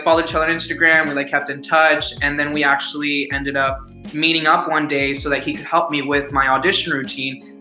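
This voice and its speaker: A man's voice: mid-range voice, bright, forceful tone. A young man, an actor as interview guest, telling a story in a casual, rambling way with lots of fillers. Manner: rambling, filler-heavy "like", upbeat. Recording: echoey room with faint music.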